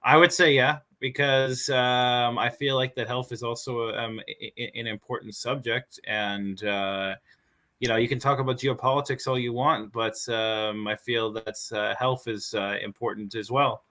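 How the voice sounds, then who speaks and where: A man joining a live online chat, speaking hesitantly with many pauses and fillers. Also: mid-range voice, fairly even intonation, sharp tone. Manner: hesitant, halting, filler-heavy. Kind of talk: casual chat.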